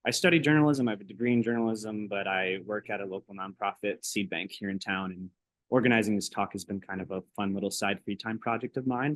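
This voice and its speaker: A young man moderating a public talk for the first time, speaking in a nervous, halting way with many ums and uhs. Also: fairly low pitch, fairly bright tone, no room sound, rough recording. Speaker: event moderator. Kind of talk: public talk introduction and questions.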